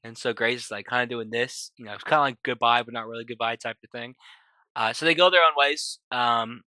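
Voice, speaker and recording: A man's voice: medium pitch, steady tone, brisk, sharp tone, dry recording. A man casually retelling a film plot for his review channel, rambling with many fillers and restarts. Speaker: movie reviewer. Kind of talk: casual spoken movie recap.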